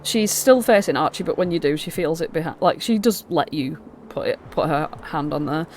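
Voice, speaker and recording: A woman's voice: deep voice, lively intonation, moderate pace, darkish tone, a little hiss or hum. A woman narrating as game master, rambling with many fillers.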